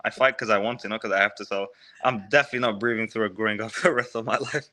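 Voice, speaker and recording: Young male fighter on a video call, bright and forceful, emphatic, peppers every answer with bro. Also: lowish voice, steady tone, rapid-fire. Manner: emphatic, keeps saying bro and man. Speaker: MMA fighter. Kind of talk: casual remote interview.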